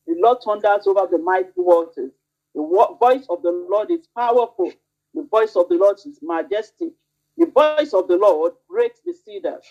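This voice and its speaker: Fervent woman preaching, lively voice. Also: medium pitch. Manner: animated, fervent, repetitive preaching. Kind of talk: sermon. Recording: muffled lo-fi recording.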